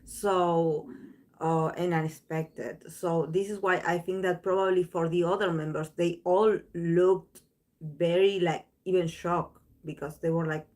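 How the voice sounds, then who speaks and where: Slow, low-voiced woman chatting casually. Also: steady tone, a little mellow. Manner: rambling, many restarts and fillers. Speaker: tarot channel host. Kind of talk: casual chat to viewers.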